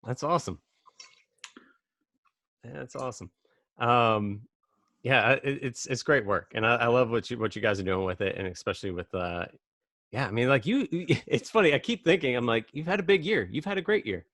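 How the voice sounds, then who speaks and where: A man's voice: medium pitch, expressive, normal speed, long pauses, a bit bright, no room sound. Dry-sounding podcast host man. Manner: supportive, short backchannel replies. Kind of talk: casual podcast interview.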